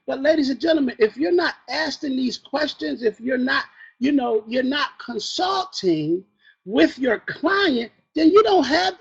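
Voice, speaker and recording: A man with a high, bright-edged voice drives a motivational sales training session. He preaches more than he lectures and keeps firing questions at the room. The recording is muffled and lo-fi. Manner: energetic, preacher-like, quizzes the audience.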